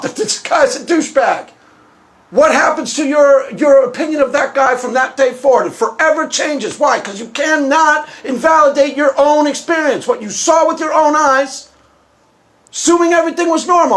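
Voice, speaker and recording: A man hosting his own video, arguing a point in an animated monologue and acting out bits of dialogue. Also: very high voice, normal speed. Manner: animated, acts out quoted dialogue. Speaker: video host. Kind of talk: argumentative monologue.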